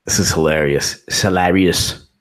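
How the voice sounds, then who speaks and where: A man's voice: low-pitched, fairly even intonation, normal speed. A man hosting his own political commentary channel, talking off the cuff in a sarcastic, incredulous and exasperated way.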